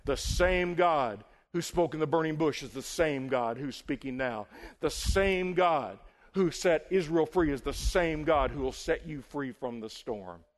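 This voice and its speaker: A man preaching a sermon as pastor, emphatic, swelling loud and then dropping low. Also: unhurried.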